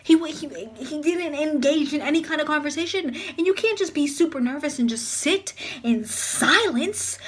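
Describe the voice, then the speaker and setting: A woman's voice: high-pitched, moderate pace, hardly any pauses. A young woman telling a story in a casual vlog, rambling and chatty with lots of filler words. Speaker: vlogger.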